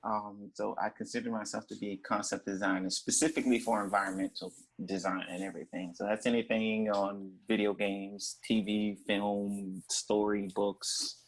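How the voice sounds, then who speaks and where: A man's voice: lowish voice, little pitch movement, moderate pace, few pauses, rough recording. A man being interviewed as a guest artist. He is playful and teasing and laughs easily. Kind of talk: casual interview.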